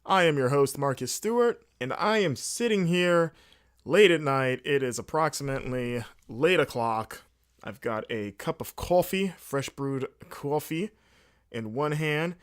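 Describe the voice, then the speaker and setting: A man hosting a solo podcast, rambling casually in a jokey, animated way late at night. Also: a little high, unhurried. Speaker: podcast host.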